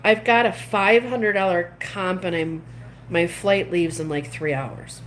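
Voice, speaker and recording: A middle-aged woman chats casually, spinning a rambling story that keeps breaking off and restarting, with laughs between phrases. Her voice sits a little on the low side. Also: fairly even intonation, measured pace, a little hiss or hum. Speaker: streamer chatting with viewers. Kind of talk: casual chat.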